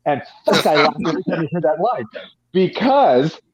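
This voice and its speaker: A man's voice: on the high side, very animated, normal speed, slightly rough, no room sound, muffled recording. A man from Canada, a guest telling long profane stories in casual chat, with many restarts. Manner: profane, rambling, frequent restarts.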